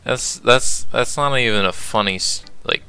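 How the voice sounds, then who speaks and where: A man's voice: mid-range voice, a little slow, creaky, pushed and bright, clear, resonant tone. A man playing through a game and commentating, jokey and rambling, arguing back at the characters. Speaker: gaming channel host. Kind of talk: let's play commentary.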